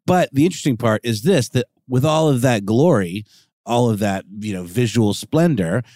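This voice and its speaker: A man co-hosting a podcast, chatting casually with frequent fillers and pauses. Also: medium pitch, no echo, studio quality. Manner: relaxed, hesitant with fillers. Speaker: podcast co-host. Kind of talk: casual chat.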